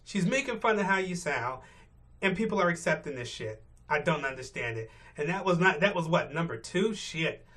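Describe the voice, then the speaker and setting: High-voiced man ranting, profane and blunt. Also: expressive, normal speed, a bit bright. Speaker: vlogger. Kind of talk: ranting commentary. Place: car during a morning commute.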